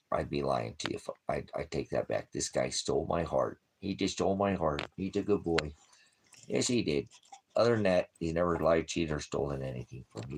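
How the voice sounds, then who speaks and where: A man's voice: a bass voice, gravelly, a little hiss or hum. A man who preaches for a small ministry, talking in a rambling, off-the-cuff livestream style, breaking off to talk to his dog. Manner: meandering, jokey, talks to his dog between points.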